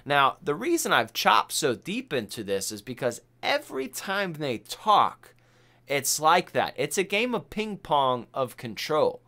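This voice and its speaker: A man hosting a podcast and chatting casually about a film. He is excitable and profane, and he acts out quotes from the film. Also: a little high, a little slow. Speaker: podcast host.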